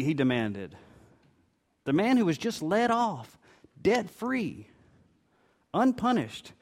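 A middle-aged man preaching a sermon, telling a parable with expression and briefly voicing its characters. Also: a little high. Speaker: pastor.

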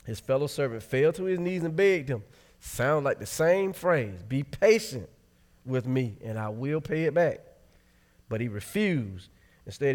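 A man preaching a sermon, reading Scripture aloud and breaking off to explain it, shifting from loud exclamations to quiet asides. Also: mid-range voice. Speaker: pastor. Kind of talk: sermon Bible teaching.

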